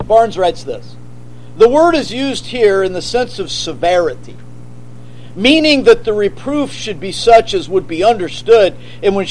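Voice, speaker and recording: A man preaching a sermon, forceful and emphatic, asking rhetorical questions. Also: sits high, slight background noise, rough recording. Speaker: pastor.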